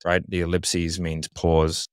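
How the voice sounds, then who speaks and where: Blunt, deep-voiced man. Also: monotone, slow pace, smooth, dry recording, studio quality. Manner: confident, blunt, explains with examples. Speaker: podcast guest. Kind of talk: casual interview talk.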